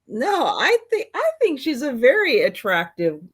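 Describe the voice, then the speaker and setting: A woman hosting a live online sale of old photos, talking in an unhurried, gentle and kind way. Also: sits high, huge pitch swings, breathy edge. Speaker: host and seller of old photos.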